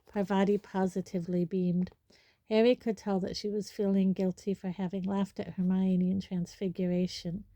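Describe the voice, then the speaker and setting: A woman reading a storybook aloud in a steady, even manner. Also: mid-range voice, moderate pace, no echo. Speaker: audiobook reader. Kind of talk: storybook narration.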